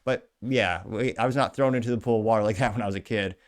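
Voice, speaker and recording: This show host, a man of Cuban heritage, reads social media comments aloud on his commentary program, adding dry, sarcastic jokes and self-deprecating asides. His voice is fairly low and his pace quick.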